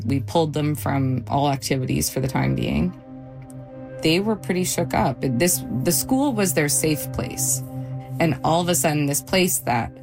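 A woman's voice sits low and carries a rough, gravelly edge. She recounts her own experience for a radio interview in a measured way, pausing and restarting as she goes. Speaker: interview guest, mother. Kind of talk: personal account in a radio interview.

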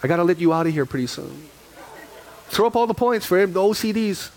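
A man in his forties preaching a sermon as pastor, telling a personal story with quick asides and repeated phrases. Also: high voice, expressive, darkish tone.

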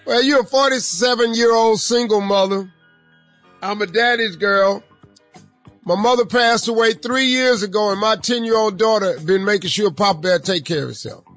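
A man's voice: high-pitched, normal speed, fairly bright tone, soft background music. A man hosting a radio advice segment, reading a letter aloud with playful, drawling comic asides.

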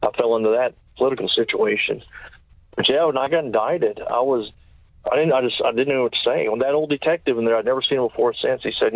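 A man's voice: mid-range voice, no room sound. A former sheriff's deputy recounting his case in detail as an interview guest, quoting what others said to him. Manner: fast, detailed recounting with quoted dialogue. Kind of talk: storytelling in an interview. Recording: tinny phone line, dry.

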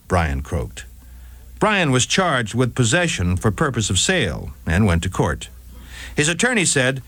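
Guy telling a wry crime story, lively up and down voice, dry close sound. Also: mid-range voice, moderate pace, no room sound. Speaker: narrator. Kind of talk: scripted radio story narration.

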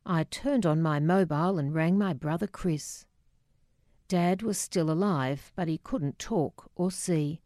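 A middle-aged woman reading a memoir aloud, measured and quietly emotional, voicing the dialogue herself. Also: lowish voice, no echo, clean studio sound. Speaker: narrator.

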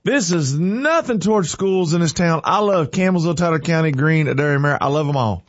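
A man's voice: on the high side, lively intonation, a little fast, no room sound, muffled recording. Tearful man, fervent and folksy. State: teary-eyed, crying. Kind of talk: emotional on-air talk.

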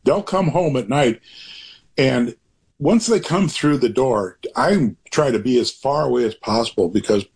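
A man's voice: medium pitch, expressive, unhurried, darkish tone, husky. An older man, a grandfather, speaking as an author guest in a casual interview, rambling and reflective with many restarts.

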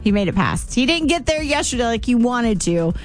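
A woman's voice: on the high side, very animated, brisk, soft background music. A woman hosting a morning radio show in a studio, talking in a chatty, effusive way with plenty of ums and some playful teasing. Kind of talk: casual on-air chat.

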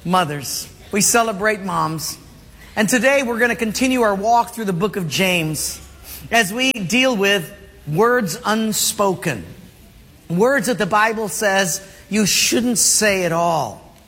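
A man's voice: sits high, lively intonation, slow, pushed and bright. A man preaching a sermon as a pastor, telling jokey stories and laughing along with them. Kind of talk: humorous sermon storytelling. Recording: long hall reverb, faint background noise.

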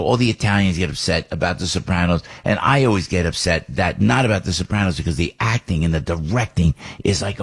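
Rambling husky-voiced man. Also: sits low. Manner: rambling, many fillers and restarts, excitable. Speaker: radio host. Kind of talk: rambling monologue.

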